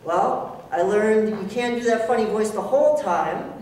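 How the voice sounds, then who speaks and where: A man's voice: high-pitched, unhurried, darkish tone, a little hiss or hum. A man giving an earnest, self-deprecating motivational speech to a club audience, acting out his own inner voice. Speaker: motivational speaker. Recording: echoey room, voice from far off.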